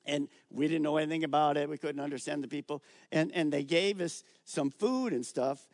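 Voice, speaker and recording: An older male pastor preaching a sermon to viewers at home, animated and coaxing the listeners. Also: a little high, brisk, dry recording, clean studio sound.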